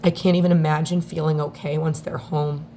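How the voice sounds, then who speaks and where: A woman speaking in an emotional personal video statement, on the verge of tears, with halting, heartfelt delivery and long pauses. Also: deep voice, little pitch movement, dark tone, slight background noise. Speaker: mother speaking out in a daily video diary.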